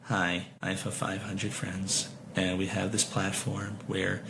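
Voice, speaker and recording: A man imitating a dull male software salesman who pitches in a flat, monotone, slow voice. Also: gravelly, background noise, exaggerated voice. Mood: droning.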